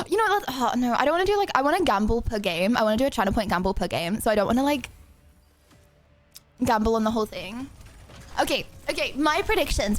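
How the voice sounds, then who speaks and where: A young English woman streaming a game, chatting bubbly and fast with lots of fillers and giggles. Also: high-pitched. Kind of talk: casual live-stream chatter.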